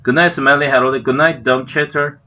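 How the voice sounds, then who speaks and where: A man's voice: medium pitch, steady tone, normal speed, pushed and bright, lo-fi sound, pitched above the performer's own voice, close to an everyday voice. A man with a Korean accent voicing a sulky, sarcastic older boy in a storybook reading. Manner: complaining, sarcastic.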